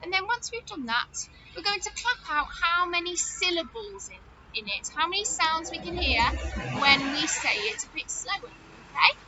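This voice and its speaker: A woman's voice: very high-pitched, sing-song, moderate pace, lo-fi sound, noisy background. A woman leading a lesson for young children, playing with her voice in a sing-song, exaggerated way. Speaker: nursery teacher.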